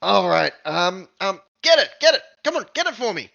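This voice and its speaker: A man voicing a tiny, excitable, greedy goblin-like male creature who demands whatever catches his eye. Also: moderate pace, gravelly, lo-fi sound, exaggerated voice. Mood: greedy delight. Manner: shrill, giddy, demanding.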